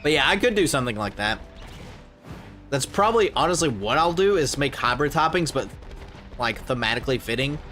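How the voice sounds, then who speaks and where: A man chatting casually on a game stream, thinking aloud with lots of fillers and letting his phrases trail off quietly. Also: medium pitch, expressive, brisk, soft background music. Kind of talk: casual gaming livestream chat.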